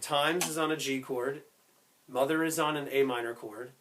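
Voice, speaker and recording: A man teaching a step-by-step music lesson who explains slowly, keeps checking in with "right?" and breaks into short sung snippets. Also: medium pitch, a little hiss or hum. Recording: loud instrument playing behind the voice.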